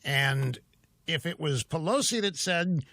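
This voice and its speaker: A man's voice: a little high, animated, a little slow, a bit bright, no room sound. A man in his later years hosting a political talk radio show, combative and emphatic, firing off rhetorical questions. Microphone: studio mic.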